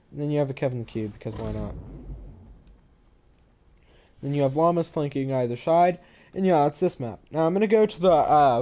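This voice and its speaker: A sleepy young man who hosts a gaming channel tours his game maps on a head-mounted microphone. His voice is medium-pitched and warm, and the casual walkthrough is rambling, with yawns and apologies along the way.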